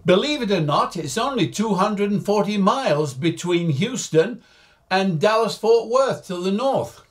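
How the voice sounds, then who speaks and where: A man's voice: sits high, lively intonation, a little slow. An older man hosting his flight simulator videos, chatting in a cheerful, jokey way straight to his viewers. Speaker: flight sim video host. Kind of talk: casual chat to camera.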